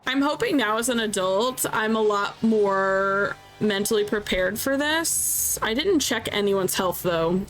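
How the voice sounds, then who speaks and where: A woman's voice: mid-range voice, expressive, a little slow, hardly any pauses, fairly bright tone, soft background music, poor audio. A woman in her thirties chatting casually as a streamer while playing a video game, candid and talkative. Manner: chatty and candid, reacts aloud. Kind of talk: casual gameplay commentary.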